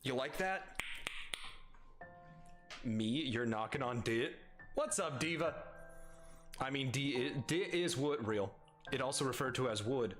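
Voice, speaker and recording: A man's voice: medium pitch, expressive, slow, pauses often, a bit bright, faint music behind. A young adult man streaming live, chatting casually, swearing freely, laughing often and reading chat aloud.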